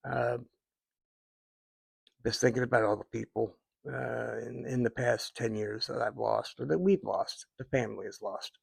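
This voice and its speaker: Speaking unhurriedly in a medium pitch, this man in his fifties has a creaky voice with a breathy edge, captured in a dry recording. He chats casually and heartfeltly with viewers, rambling along with plenty of fillers and false starts.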